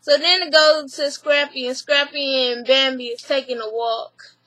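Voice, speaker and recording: A woman vlogger recapping a reality TV episode in casual, animated, profane talk, retelling scenes in quoted voices, recorded in a small room at home. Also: high-pitched, normal speed, no echo.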